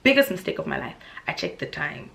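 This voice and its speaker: A young woman with a South African accent, telling a casual storytime vlog in an animated, dramatic way, with shrill high voices for the people she quotes and hushed whispers for the tense parts. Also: fairly quick, gravelly. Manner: drops into hushed whispers when telling suspense. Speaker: YouTuber.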